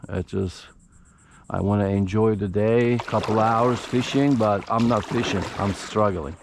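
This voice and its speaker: A man's voice: on the low side, measured pace, slight background noise. A middle-aged man vlogging from a kayak on a lagoon, talking straight to his viewers in a chatty, frustrated way. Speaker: fishing vlogger. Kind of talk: casual vlog commentary. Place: outdoors on a kayak on a shallow lagoon.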